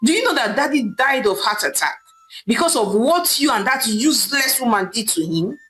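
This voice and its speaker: A woman's voice: fairly high pitch, animated, normal speed, fairly bright tone, faint music behind, rough recording. A woman voicing a stern, scornful younger brother who scolds his sibling.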